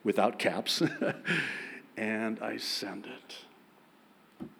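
A man preaching a sermon, telling everyday stories in a lively way and laughing at himself. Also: lowish voice, extremely slow, vocal fry, slight background noise. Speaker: pastor.

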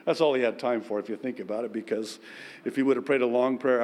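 A man preaching a sermon, unhurried, with sudden animated outbursts. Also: mid-range voice. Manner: slow, building to animated outbursts. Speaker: pastor. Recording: long hall reverb.

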